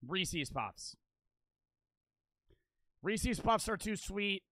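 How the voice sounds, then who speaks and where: A man's voice: sits high, animated, extremely slow, fairly bright tone, no room sound. A young man streaming, reacting in loose, profane, rambling casual commentary.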